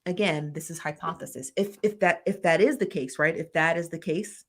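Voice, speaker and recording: A woman's voice: on the low side, fairly quick. A young woman hosting a casual livestream, chatting in a rambling, self-correcting way. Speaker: livestream host. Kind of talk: casual live-stream gossip chat.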